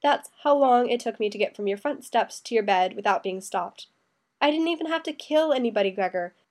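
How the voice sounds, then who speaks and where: A brash, restless young man with a quick, defensive, growling way of talking, as a woman reads him. He sounds sharp-tongued and fiercely loyal, in an audiobook. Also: a little high, expressive, close to an everyday voice.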